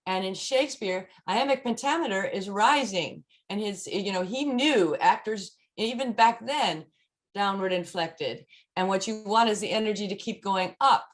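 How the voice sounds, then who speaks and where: A woman's voice: mid-range voice, moderate pace. Chatty woman voice coach, many fillers. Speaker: voice and text coach. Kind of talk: casual online talk.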